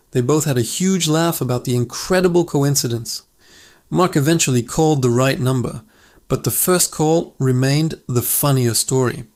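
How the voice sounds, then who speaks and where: A man's voice: fairly high pitch, a little mellow. Upbeat male storyteller hosting a channel. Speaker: channel host. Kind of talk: scripted storytelling narration.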